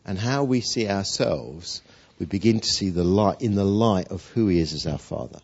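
A man preaching a sermon, telling stories with playful jokes and dramatic pauses. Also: sits low, lively intonation, a little mellow, husky. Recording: dull lo-fi recording.

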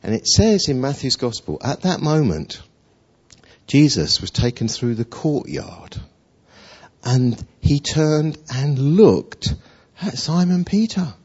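Animated husky-voiced male preacher. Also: medium pitch, slow. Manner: animated, acts out voices of figures, conversational. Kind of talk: lively storytelling sermon. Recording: dull lo-fi recording.

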